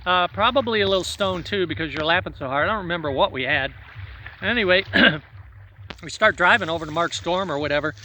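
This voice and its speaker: A man's voice: high-pitched, bright, forceful tone, slight background noise. A middle-aged man in a rambling personal monologue, swearing freely as he talks to an absent friend about old times. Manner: profane, reminiscing, addresses an absent friend. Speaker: vlogger.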